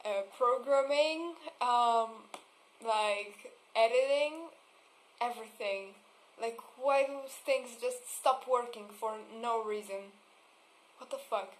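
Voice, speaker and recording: A woman's voice: fairly high pitch, slow, rough recording. A young woman vlogger in a casual, swearing rant about things she dislikes, laughing often. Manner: swearing, laughing, exasperated asides; mocks voices with exaggerated vocal fry. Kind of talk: casual ranting monologue.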